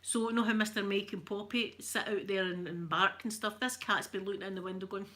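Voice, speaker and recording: A woman's voice: mid-range voice, steady tone, brisk, pushed and bright. A middle-aged Scottish woman chatting casually while ironing, rambling from one story to the next. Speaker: ASMR creator.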